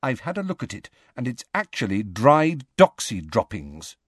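A man voicing a bossy, clever teenage schoolgirl who talks in a brisk, clipped, scolding way. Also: mid-range voice, huge pitch swings, no room sound, clean studio sound. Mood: stern.

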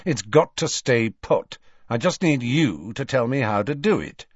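A man's voice: medium pitch, lively intonation, a little slow, breathy edge, no room sound, muffled recording. A man voicing a sneering, arrogant teenage boy wizard who talks coldly and threateningly. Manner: cold, threatening, contemptuous.

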